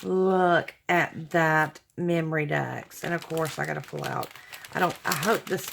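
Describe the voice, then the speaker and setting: A woman's voice: low voice, measured pace, vocal fry, fairly bright tone, a little hiss or hum. A woman, hosting her channel and chatting to viewers as she opens gifts, gushing and sentimental with frequent exclamations. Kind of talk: casual unboxing chat to viewers.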